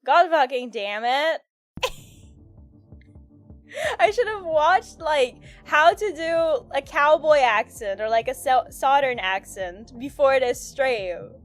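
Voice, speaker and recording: High-pitched streamer girl rambling and giggling, says like a lot, faint music under her. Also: animated, takes it slowly. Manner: giggly, rambling storyteller with many fillers. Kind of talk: casual live-stream chat.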